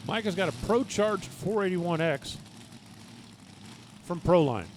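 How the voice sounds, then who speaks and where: A man calls drag races live, his slightly high voice mixing numbers and times with easygoing jokes. Faint engine noise hums behind him at the track. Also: measured pace. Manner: folksy, joking asides. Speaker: drag racing commentator. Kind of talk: live race commentary.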